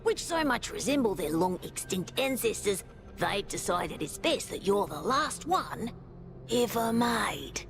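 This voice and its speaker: A woman's voice: mid-range voice, very animated, a little slow, creaky, faint music behind. A woman voicing a sly, conspiratorial robot recruiter in a video game, in a confiding, wheedling manner. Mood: probing.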